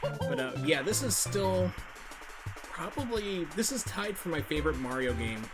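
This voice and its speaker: Talking into a headset with video game music behind him, a man sets up a live game stream while chatting and rambling with many fillers. His voice is high-pitched, sing-song and unhurried.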